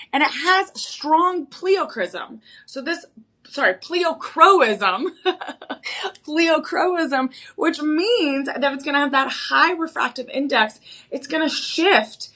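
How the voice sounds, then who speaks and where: A young adult woman hosting a live shopping channel, pitching jewelry with bubbly enthusiasm and lots of repetition. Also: slow pace, pushed and bright. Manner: enthusiastic, repetitive, peppered with "again" and restarts.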